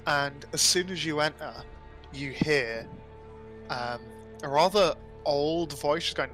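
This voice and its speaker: Male game master with a bright voice and casual, rambling description, over faint music. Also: on the high side, slow. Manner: loose and descriptive, with frequent ums and likes. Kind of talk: casual tabletop game narration.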